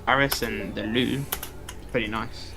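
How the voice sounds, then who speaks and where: A man's voice: mid-range voice, fairly even intonation, measured pace, pushed and bright, a little hiss or hum. A British man chatting casually, rambling with frequent laughs and restarts. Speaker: gaming companion. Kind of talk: casual chat.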